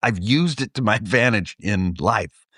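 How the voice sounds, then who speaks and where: A middle-aged man from Texas, a podcast co-host telling a story in a casual way, animated and laughing often. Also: lowish voice, moderate pace, breathy edge, no echo. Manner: animated, acts out voices in anecdotes, laughs often. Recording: dry close studio mic.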